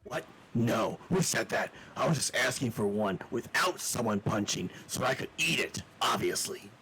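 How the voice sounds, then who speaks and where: A man's voice: medium pitch, animated, normal speed, sharp tone, slightly rough, soft background music, full character voice, rough recording. A man playing a bombastic macho prince. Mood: sheepish. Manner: indignant outbursts, boastful. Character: Prince Damien, brash macho young male prince. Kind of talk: live-streamed improvised voice acting.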